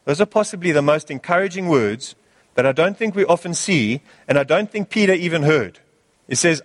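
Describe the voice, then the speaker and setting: High-voiced male pastor preaching. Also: animated, fairly quick, in a large hall. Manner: emphatic, repetitive exhortation. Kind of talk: sermon.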